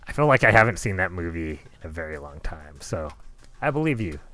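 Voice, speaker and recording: A man's voice: deep voice, sing-song, brisk, bright, forceful tone, no room sound, soft background music. A man chatting casually and rambling while he paints live, now and then cooing at his cat. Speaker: digital artist streaming.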